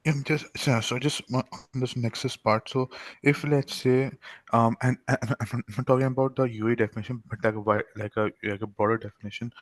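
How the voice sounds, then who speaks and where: A man's voice: mid-range voice, fairly even intonation, fairly quick, dry recording. A man in a course asking a question tentatively, hedging with many fillers. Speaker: course participant.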